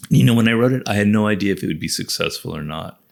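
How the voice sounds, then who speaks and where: A man's voice: lowish voice, expressive, very fast, vocal fry, darkish tone. An American man, a guest author, talking through ideas in an interview, building points with repeated phrases. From United States. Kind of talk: conversational interview.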